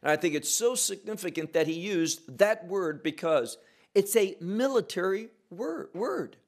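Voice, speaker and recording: A man's voice: sits high, expressive. A man teaching verse by verse from the Bible, emphatic and posing questions he then answers himself. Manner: slow, emphatic, asks and answers his own questions.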